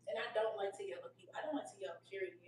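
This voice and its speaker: A woman talks candidly on a couch, animated in her storytelling and loose with slang. She sits some way back from the microphone, and the room around her rings. A faint hum runs beneath her voice. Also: medium pitch, rapid-fire. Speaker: host. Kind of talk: casual couch chat. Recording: roomy, distant mic with faint hum.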